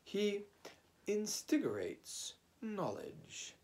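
A man reading aloud, voicing a gloomy, solemn male donkey who speaks slowly and scornfully. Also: high-pitched, huge pitch swings, creaky, darkish tone, voice pushed up, heavily acted. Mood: pompous.

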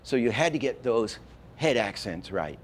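An older man gives an animation lesson in a mid-range voice. He tells lively stories from his work, often breaks off to act out a line, and restarts his sentences as he goes. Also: medium pitch, moderate pace. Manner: lively storyteller, acts out lines, many restarts. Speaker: animation teacher. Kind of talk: lecture with acted-out examples.

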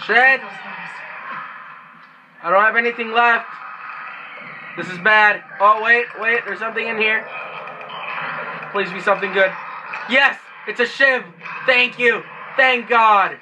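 A man commenting on his own gameplay, panicking and cursing loudly at the game, then muttering to himself while sneaking. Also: high voice, takes it slowly, pauses often, noisy background. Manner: yells and swears in panic at the game. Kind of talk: let's play commentary.

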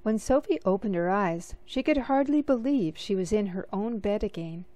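A woman reading a children's picture book aloud, slow and expressive. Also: medium pitch, dry recording. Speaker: storybook reader.

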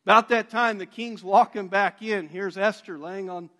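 A man's voice: high-pitched, steady tone, normal speed, sharp tone. A male pastor retelling a Bible story in a sermon, animatedly acting out the characters' voices.

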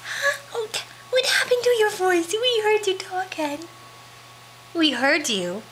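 A woman speaks slowly in playful baby talk, her very high voice bright and ringing. Her pitch swoops widely as she coaxes with sing-song questions. She is recorded indoors on a handheld home camera. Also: big pitch swings, a little hiss or hum, poor audio. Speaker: mother filming her baby. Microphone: handheld home camera she is filming with.

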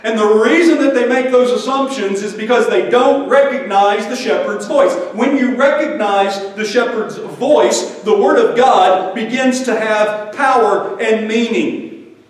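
A man preaching a sermon in an earnest, measured way and reading scripture aloud. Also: very high voice. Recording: echoey hall, far from the mic.

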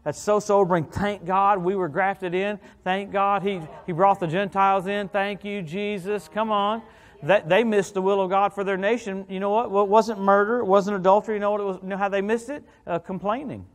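Man preaching, high voice, middle-aged, animated, joking, calls out hallelujah. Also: moderate pace. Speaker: guest preacher. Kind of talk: evangelical sermon.

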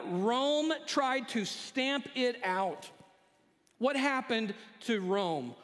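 A high-pitched man preaches to his congregation, chatty and lively, acting out the voices in the story. His voice rings with the long reverb of a church hall. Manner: conversational preaching, acts out quotes. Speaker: pastor. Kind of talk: sermon. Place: church sanctuary.

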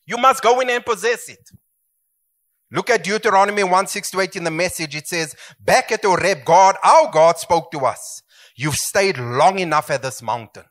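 A man's voice: high-pitched, normal speed, fairly bright tone. A middle-aged man preaching a sermon as pastor, emphatic and swooping, calling for amens.

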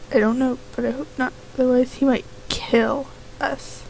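A woman's voice: high voice, steady tone, normal speed, gravelly, mellow, a little hiss or hum, low-quality recording. A woman playing a game on video, reading the characters' lines aloud in her own voice and breaking in with her own reactions. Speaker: let's play gamer.

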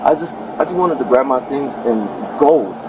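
A man's voice: mid-range voice, animated, normal speed, distant mic, very noisy. A man with a Caribbean accent, pleading and repeating himself while police question him outdoors. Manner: pleading, repetitive, upset.

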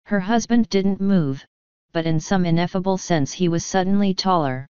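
A woman reading an audiobook in calm, even, scripted narration. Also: on the low side, moderate pace, smooth, no echo. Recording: dull lo-fi sound.

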